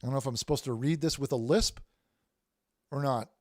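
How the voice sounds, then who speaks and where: Halting man reading chat aloud. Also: medium pitch, no room sound, studio quality. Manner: halting, repeats words, many restarts. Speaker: livestream host reading chat. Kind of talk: casual livestream chat.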